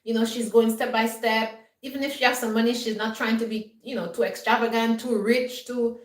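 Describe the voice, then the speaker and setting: A woman vlogger lectures her viewers in an emphatic, scolding way, often asking "you understand?". Her voice sits a little high and sounds roomy and somewhat distant from the mic. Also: fairly even intonation, fairly quick. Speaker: homestead vlogger. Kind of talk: lecturing monologue.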